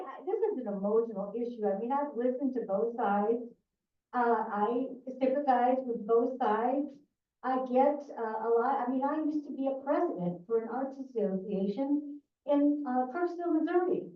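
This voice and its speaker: Retired woman at podium, higher voice, tinny distant chamber mic, emotional plea. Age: older. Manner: emotional, rising to exasperated. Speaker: public commenter. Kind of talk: public comment at a council meeting. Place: council chamber. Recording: tinny, echoey, far from mic.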